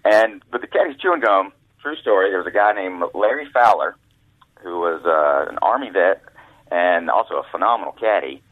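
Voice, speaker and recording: Speaking over a dry, tinny phone line without echo, a deep, husky-voiced man tells folksy anecdotes in a storytelling interview. He's a guest author and former caddy, animated at a moderate pace and acting out voices.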